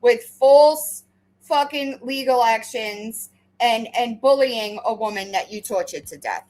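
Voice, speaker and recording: A woman with a somewhat high voice delivers commentary on a clip, speaking sharply and sarcastically. She stumbles into repeated restarts as she presses her points, and the tone stays confrontational throughout. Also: slow pace, darkish tone, low-quality recording. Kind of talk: reaction commentary.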